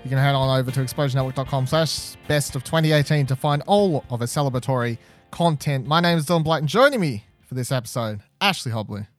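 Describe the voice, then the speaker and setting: A man's voice: mid-range voice, fast talker, dry recording, faint music behind. A man hosting a podcast in casual, chatty talk, often laughing. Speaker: podcast host.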